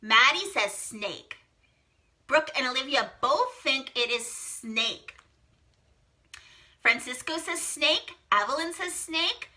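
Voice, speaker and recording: A young woman hosting a live phonics lesson for small children, cheerfully reading out their guesses and praising each one. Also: high-pitched. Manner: bubbly, encouraging, reads out children's guesses with excited gasps.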